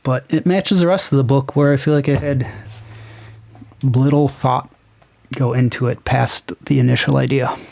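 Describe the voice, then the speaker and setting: A man's voice: mid-range voice, steady tone, moderate pace, creaky, pauses often, darkish tone. A young man giving a casual, sarcastic review, incredulous and swearing as he picks apart what he is reading. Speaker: comic book reviewer. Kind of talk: casual ranting review commentary.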